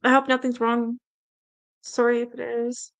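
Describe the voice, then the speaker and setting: A woman's voice: on the high side, monotone, a little slow, gravelly, fairly bright tone, smooth. A Canadian woman hosting a livestream, reading aloud and chatting loosely with her viewers, swearing freely and laughing often. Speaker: livestream host.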